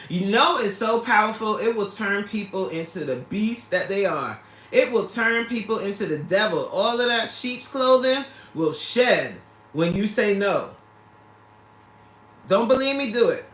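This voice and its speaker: In an echoey room, a woman hosts a casual livestream, reading out viewer comments, laughing often, and speaking straight to her audience. Her mid-range voice is expressive, fairly bright, and unhurried.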